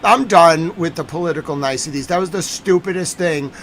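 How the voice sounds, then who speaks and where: A man's voice: a little high, fairly quick, a bit bright. A man live-streaming his reaction to the news, ranting, swearing and repeating himself.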